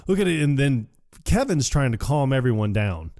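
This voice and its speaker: A man retells a comedy film scene by scene with his co-host. He laughs often and dips into quick quoted voices in an even, middle register. The sound is close and dry. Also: medium pitch, dry recording. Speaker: podcast co-host. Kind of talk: casual movie recap chat.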